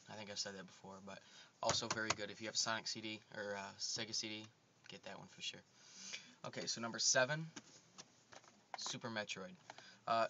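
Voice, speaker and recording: A man hosting a casual video game countdown video, rambling with frequent ums and restarts. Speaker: gaming video host. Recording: dull low-fi home recording with faint noise.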